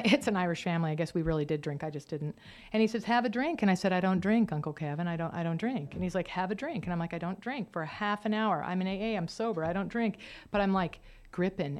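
Woman, recovery testimony, candid storytelling, acts out the people she quotes, mid pitch. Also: darkish tone. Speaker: recovery speaker. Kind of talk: personal testimony talk.

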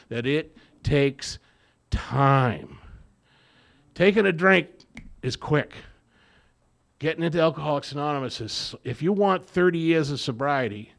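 A man's voice: on the high side, gravelly. A man speaking at a recovery meeting, telling his story to the group and acting out the voices in remembered conversations. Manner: storytelling that acts out both sides of remembered dialogue. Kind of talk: personal recovery talk to a group.

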